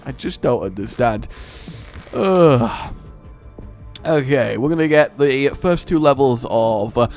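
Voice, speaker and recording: A man hosting a let's play, commenting in an animated, joking way and rambling off on tangents. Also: medium pitch. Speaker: gaming channel host.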